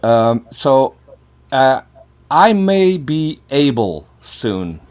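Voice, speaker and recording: A man whose first language is Dutch, talking in a casual panel chat, halting and repeating words. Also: mid-range voice, very animated, a little mellow.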